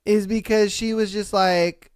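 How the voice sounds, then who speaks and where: A man hosting a casual podcast, reacting to listener posts with profane disbelief and loud bursts of laughter. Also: sits high, steady tone, measured pace, clean tone, dry recording, clean studio sound. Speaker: podcast host.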